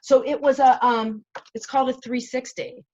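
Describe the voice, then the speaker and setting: A woman's voice: sits high, steady tone, normal speed, a little mellow, muffled recording, a little hiss or hum. A woman host, being interviewed, chatting casually and laughing at herself often over a video call. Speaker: show host, interviewed as guest.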